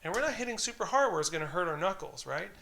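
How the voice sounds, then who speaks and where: A man's voice: high-pitched, sing-song, fast, gravelly, pushed and bright, a little hiss or hum. A man teaching drum rudiments, patiently calling out stickings and counting in exercises. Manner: patient, encouraging, counts aloud and calls out stickings. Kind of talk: instructional tutorial, counting off exercises.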